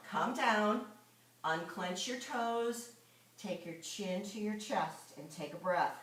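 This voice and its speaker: A woman's voice: fairly low pitch, slow. A woman fitness instructor leading a live exercise class, coaching moves and counting reps aloud. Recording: echoey room, mic far off.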